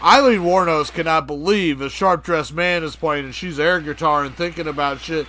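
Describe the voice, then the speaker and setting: A man's voice: a little high, normal speed, sharp tone, a little hiss or hum. A man co-hosting a podcast, telling a crude, rambling comedic story full of profanity and acted-out voices. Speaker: podcast co-host.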